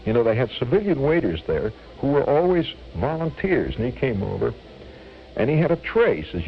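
A man's voice: medium pitch, very animated, brisk. An older man from Indiana telling a personal war memory on the radio, reminiscing animatedly and restarting his phrases. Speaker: storyteller. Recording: dull lo-fi radio recording with faint music.

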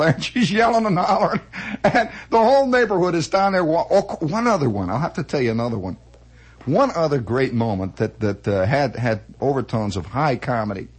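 Man, comic storyteller, husky voice, high and lively pitch, acts out sound effects.

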